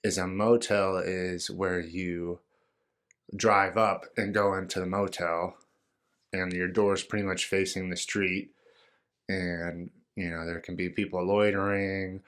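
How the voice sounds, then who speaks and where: A man's voice: sits low, level tone, slow, a bit bright, clean tone. A man hosting his own podcast, talking casually and rambling with jokes and many fillers. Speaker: podcast host. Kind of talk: casual solo podcast talk.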